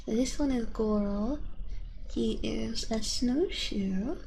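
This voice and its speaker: A woman streamer chatting and rambling softly in an ASMR stream, often slipping into whispers. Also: on the high side, takes it slowly, vocal fry, a little hiss or hum. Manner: rambling and chatty, with many fillers; drifts into soft whispers. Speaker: VTuber streamer. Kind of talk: soft ASMR chat with viewers. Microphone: binaural ASMR microphone.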